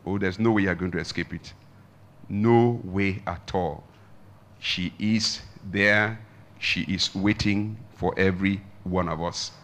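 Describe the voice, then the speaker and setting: A man preaching a sermon as a pastor, emphatic, with big swings in pitch and loudness and slow drawn-out emphasis. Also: fairly even intonation.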